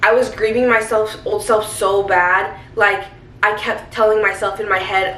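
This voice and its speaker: A woman's voice: medium pitch, fairly even intonation, normal speed, fairly bright tone, recorded from a distance. A young woman rambles candidly to her camera at home, scattering fillers as she goes. She sits back from the mic, so her voice bounces around an echoey kitchen. A faint hiss sits under the recording. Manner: rambling, candid, heavy use of "like". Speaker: stay-at-home mom vlogger. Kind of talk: casual confessional vlog.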